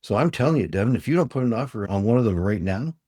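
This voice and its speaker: An older man voicing an eager, pushy male used car salesman who makes a high-pressure pitch. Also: animated, fast, dark tone, no room sound, clean studio sound. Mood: pressing.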